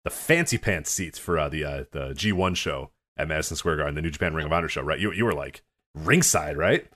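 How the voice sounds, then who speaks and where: A man's voice: very deep voice, animated, a little fast, fairly bright tone. A man co-hosting a casual chat, telling a rambling anecdote full of fillers. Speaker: podcast co-host. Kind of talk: casual storytelling.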